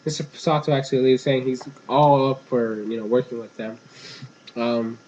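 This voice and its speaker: A young episode reviewer gives a loose, rambling recap, drifting off track and doubling back in a casual, meandering way. His steady, darkish voice sits at an ordinary middle pitch and moves at normal speed, captured on a dull, lo-fi recording with faint hiss underneath.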